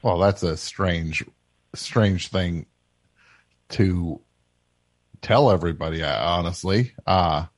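A man hosting a call-in comedy radio show, asking deadpan, halting questions. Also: sits low, dry recording. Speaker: host. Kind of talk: casual call-in radio chat.

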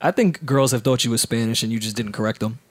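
A man's voice: medium pitch, fast talker. A man co-hosting a podcast, telling stories in laid-back banter. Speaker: podcast co-host. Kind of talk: casual chat.

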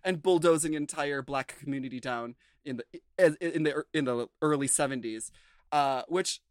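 A man's voice: a little high, normal speed, no echo, clean studio sound. A man co-hosting a casual recap podcast, rambling with lots of "like" and "um". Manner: rambling, full of fillers like "like" and "um". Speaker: podcast co-host.

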